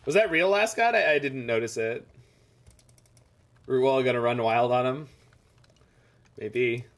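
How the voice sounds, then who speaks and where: A man's voice: mid-range voice, a little slow. A man streaming a game, chatting casually and rambling as he reads the chat aloud. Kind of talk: casual live-stream chat over gameplay.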